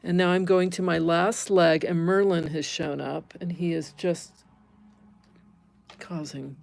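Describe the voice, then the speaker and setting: A middle-aged woman talks unhurriedly through an embroidery demonstration on a live stream, her fairly low voice carrying a gravelly edge. She thinks aloud, corrects herself, and tosses casual asides to her viewers. The sound is close and dry. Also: fairly even intonation, unhurried, darkish tone, no echo. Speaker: embroidery teacher.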